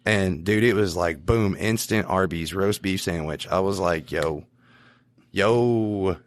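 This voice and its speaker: A man's voice: low voice, moderate pace, dry recording. A man who works as a police officer, telling work stories in a casual podcast chat, laughing as he goes. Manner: laughing, animated anecdotes with quoted voices.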